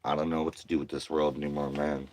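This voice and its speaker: Deep-voiced weary man venting. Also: flat delivery, fast, a little mellow. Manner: weary and heated by turns, profane, slangy. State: exhausted. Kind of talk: venting monologue.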